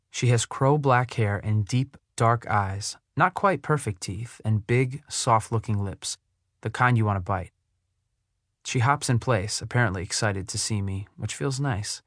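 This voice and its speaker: Low-voiced guy reading an audiobook, soothing and even, dry close studio sound. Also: dry recording. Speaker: audiobook narrator. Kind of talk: first-person audiobook narration.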